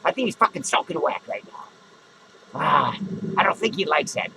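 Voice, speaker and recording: A man's voice: a little high, very animated, normal speed, vocal fry, background noise. A man playing a drunken, foul-mouthed, hot-tempered male clown who slurs, rambles and swears. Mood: drunken rambling. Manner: slurring, rambling, swearing constantly. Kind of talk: improvised character comedy monologue.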